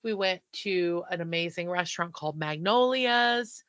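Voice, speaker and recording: A woman co-hosting a podcast, telling a story in a casual, animated way and acting out the dialogue. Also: fairly low pitch, moderate pace, no room sound, lo-fi sound. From not from the South. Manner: animated, breathless retelling with quoted dialogue. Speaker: podcast co-host.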